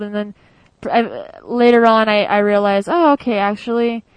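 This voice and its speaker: Young woman, from the United States, casual interview talk, chatty, lots of fillers, mid pitch, dry close recording. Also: flat delivery, moderate pace, clear, resonant tone, no room sound, poor audio. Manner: chatty, many fillers, acts out quoted voices. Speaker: former exchange student.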